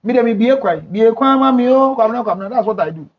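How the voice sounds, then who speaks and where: A middle-aged man with a Ghanaian accent, a counselor hosting an advice talk show, speaking loudly and teasingly with sudden shouts. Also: extremely high pitch, animated, quick pace. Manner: loud, teasing, breaks into shouts and acted quotes. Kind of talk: animated advice talk mixing English and Twi. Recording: dull lo-fi recording.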